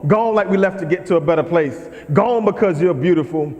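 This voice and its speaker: Man, spoken-word poet, high voice, rhythmic, call-and-response, church reverb. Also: brisk, darkish tone, muffled recording. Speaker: guest poet and preacher. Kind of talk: spoken-word poetry in a sermon. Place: church sanctuary. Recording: reverberant sanctuary.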